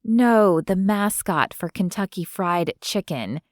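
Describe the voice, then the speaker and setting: A woman's voice: lowish voice, expressive, takes it slowly, no echo, studio quality. A woman voicing a wry friendly young Southern woman.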